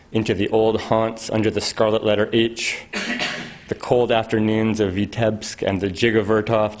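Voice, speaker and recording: A man, a poet, reading his own poems at a university event with a dry, wry delivery. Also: lowish voice. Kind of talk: poetry reading.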